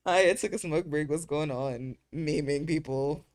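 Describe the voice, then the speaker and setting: A woman's voice: sits low, moderate pace, darkish tone. A woman streamer in casual chat, joking crudely and laughing often, trailing off into fillers between thoughts. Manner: crude teasing humor with frequent laughter.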